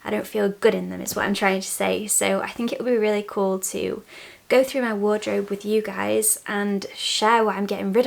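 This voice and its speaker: A young woman vlogging from her bedroom at home, chatting candidly to camera and laughing softly between thoughts. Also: medium pitch, fairly even intonation, normal speed, gravelly. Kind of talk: casual chat to camera.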